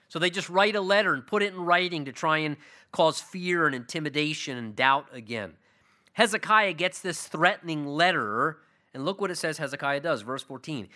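A male pastor giving an expository sermon in a conversational, plain-spoken way, swinging between loud declarations and hushed asides. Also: a little high.

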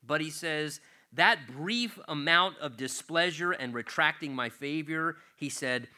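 An older man preaching a sermon with a bright, forceful voice that sits a little high for a man. He is earnest and emphatic, and his volume rises and falls on key words. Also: measured pace.

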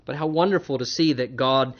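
A man preaching a sermon, animated and conversational, mixing scripture reading with wry humorous asides. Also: mid-range voice, brisk. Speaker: pastor. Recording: dull lo-fi recording.

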